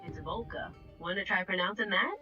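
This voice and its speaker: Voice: medium pitch, normal speed, pushed and bright, distant mic, muffled recording, faint music behind. A text-to-speech assistant voice coaching a player through pronunciation, cheerful, patient and encouraging. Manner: upbeat, encouraging, patient teacher. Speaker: AI voice assistant co-host. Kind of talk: language tutoring chat.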